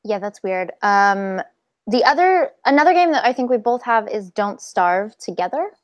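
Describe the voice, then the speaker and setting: A woman's voice: medium pitch, sing-song, moderate pace, no room sound, dull audio. A woman co-hosting a comedy podcast, hesitant with lots of ums, making dry jokes. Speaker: podcast co-host. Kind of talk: casual comedic chat.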